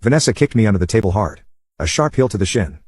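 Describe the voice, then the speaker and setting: A man's voice: fairly low pitch, expressive, quick pace, a little mellow, husky, dry recording. A man narrating an online story in a wry, sardonic scripted tone.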